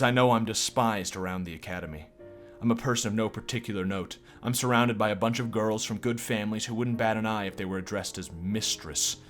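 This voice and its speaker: A lovestruck, self-doubting schoolgirl narrator, read aloud by a man in a lowish voice. Plain, unforced reading with a little music playing faintly behind. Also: fairly bright tone, close to an everyday voice.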